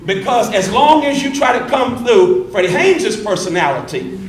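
A middle-aged man, a preacher leading a workshop, talking fast and animated, often repeating a word as he starts a thought. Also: sits high. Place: indoor room with an audience. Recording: echoey room, distant mic, faint noise.

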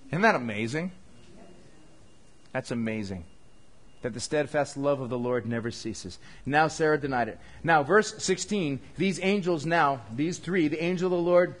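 A man preaching a sermon in a church, animated and acting out quoted dialogue as he goes. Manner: animated, acts out quoted dialogue with shifting pitch and loudness. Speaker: pastor.

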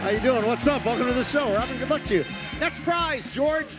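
A man hosting a television game show, brisk and friendly, keeping the game moving. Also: very high voice, expressive, loud music behind the voice. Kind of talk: upbeat studio hosting.

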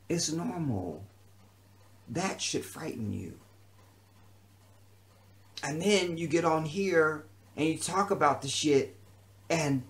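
A man delivering an unscripted vlog rant in a heated, profane, emphatic way, often repeating a phrase for emphasis. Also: fairly high pitch. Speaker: vlogger. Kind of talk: unscripted ranting monologue.

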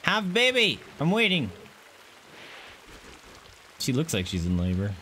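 A man's voice: lowish voice, big pitch swings, unhurried, fairly bright tone, slight background noise. A man commenting on his own playthrough of a zoo game, who gushes over the animals in baby talk and mutters to himself through the menus. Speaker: gaming channel host.

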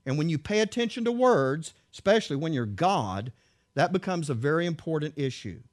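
A man with a fairly high-pitched voice preaches a sermon emphatically, reading verses aloud and repeating key words alongside rhetorical questions.

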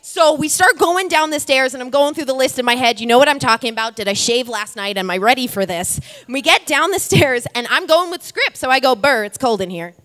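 A woman in her thirties delivers a comic story from the stage in a bright, sharp, smooth voice. She is chatty and wry and speaks straight to the audience. Her voice rings with the long reverb of a live venue. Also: sits high, lively intonation, a little fast, few pauses.

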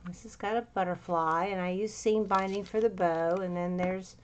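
A crafter pages through a handmade journal in a casual walkthrough, chatting in a meandering way with fillers and sounding a bit out of breath. Her voice is lowish with fairly even intonation at a normal pace. A little hiss or hum is audible.

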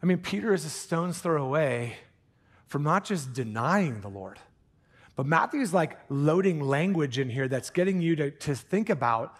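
A man preaching a sermon from the pulpit, animated and earnest, dropping into hushed intensity for emphasis and tossing in casual jokey asides. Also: a little high, normal speed. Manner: jokey asides with put-on accents. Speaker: pastor. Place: church sanctuary.

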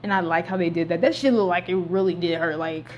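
Excitable young woman recapping a movie. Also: on the low side, fast talker, a little hiss or hum. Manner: animated, slangy, swings between hushed and loud outbursts.

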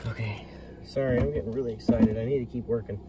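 A man prospecting in a hard rock mine, giving excited running commentary to his viewers as he works. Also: mid-range voice, quick pace, far from the mic, heavy background noise. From United States. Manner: excitable, marvelling, talks to viewers.

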